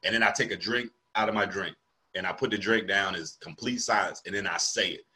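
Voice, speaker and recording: Guy comic chatting, bright voice, laughs a lot, slangy storytelling. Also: low-pitched, fairly quick. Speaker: comedian and podcast host. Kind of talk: casual chat.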